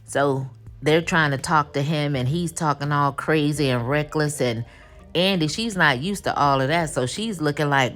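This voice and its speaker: A woman with a Black way of speaking, recapping a TV episode in casual, animated chat and acting out the characters' lines with attitude. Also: low-pitched, moderate pace, soft background music. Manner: animated, acts out quotes with attitude. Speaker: TV recap host.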